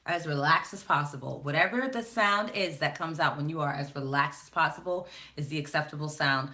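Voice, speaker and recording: A woman vocal coach with a Southern US accent, giving a live-streamed warm-up lesson to a phone camera in a relaxed coaching manner. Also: low-pitched, brisk. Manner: relaxed coaching talk broken by sung warm-up drills. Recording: instrument music playing behind.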